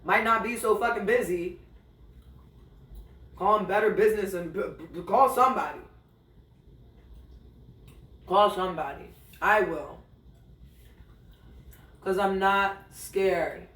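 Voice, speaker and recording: Blunt, high-voiced man venting off-mic. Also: slow pace, pauses often, fairly bright tone, far from the mic. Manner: blunt, profane, talks straight to his ex. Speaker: podcast host. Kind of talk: candid storytelling monologue. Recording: roomy, a little off-mic.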